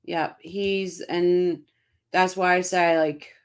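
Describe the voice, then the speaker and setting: A woman's voice: on the low side, flat delivery, slow. A woman hosting a casual live-stream, reading out viewer comments by name and answering them with emphatic, impassioned commentary, often repeating her phrases.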